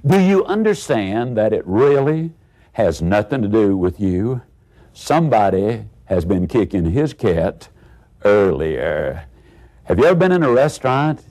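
A man giving a motivational speech, telling stories, acting out the characters and asking the audience rhetorical questions. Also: fairly low pitch. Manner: animated storyteller who acts out characters. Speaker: motivational speaker.

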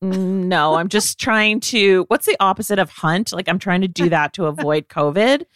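Upbeat woman co-host, low dry voice. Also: fairly bright tone, clean tone, no echo. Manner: upbeat, quick agreements and asides. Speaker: podcast co-host. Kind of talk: casual chat.

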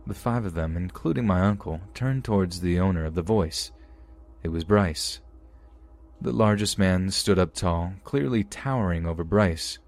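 A man narrating true horror stories in a steady, scripted reading. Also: sits low, a little slow, soft background music. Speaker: podcast narrator.

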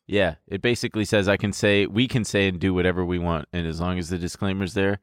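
A man's voice: low-pitched, steady tone, fast talker, clean tone, no room sound, clean studio sound. A man co-hosting a podcast in casual, joking chat, goofy and teasing. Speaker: podcast co-host.

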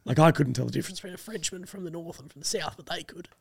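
A young man with an Australian accent talks in a loose, rambling way, often trailing off before landing a dry, sardonic remark. His voice sits a little high and carries a gravelly fry, recorded close and dry with no room sound. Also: racing, dry recording. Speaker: co-host. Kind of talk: casual chat.

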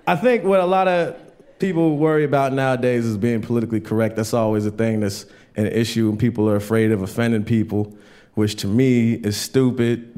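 A man's voice: mid-range voice, darkish tone. A man doing a stand-up comedy set on stage, telling stories and acting out other people's voices. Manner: storytelling, acts out characters in raised voices. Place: comedy stage with live audience.

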